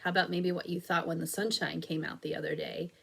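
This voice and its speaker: A woman with a fairly low, slightly bright voice, a breathy edge, and vocal fry speaks fast in a level tone. She's an elementary school teacher presenting a slow, clear phonics video for young children, patient and encouraging, carefully sounding out and stretching words.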